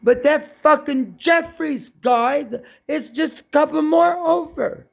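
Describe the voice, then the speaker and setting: A man's voice: very high voice, slow, vocal fry. A man from Brooklyn, rambling and swearing bluntly as he talks to his camera. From Brooklyn, New York. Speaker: vlogger.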